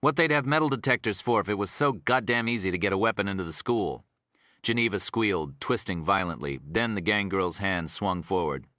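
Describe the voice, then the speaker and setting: Low, bright-toned male audiobook narrator. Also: fairly quick, no room sound, clean studio sound. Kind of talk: scripted narration.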